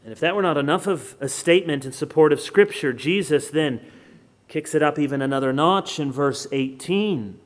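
An American man preaching an expository sermon, stressing key words by slowing down and dropping in joking asides. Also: fairly high pitch. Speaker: pastor.

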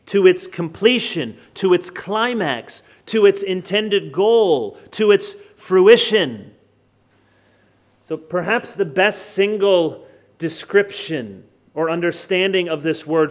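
An American man preaching an expository sermon, stressing key words by slowing down and dropping in joking asides. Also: on the high side. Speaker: pastor.

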